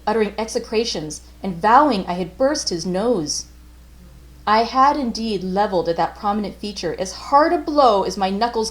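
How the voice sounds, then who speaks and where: A woman, a librarian host, reading a classic novel aloud in measured, unhurried first-person narration. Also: medium pitch, rough recording.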